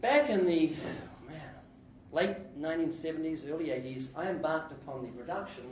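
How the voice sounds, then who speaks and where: A man preaching a sermon with lots of jokes and his own laughter, breaking into sudden loud outbursts. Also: a little high, animated, moderate pace. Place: church hall. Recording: echoey hall, distant mic, faint noise.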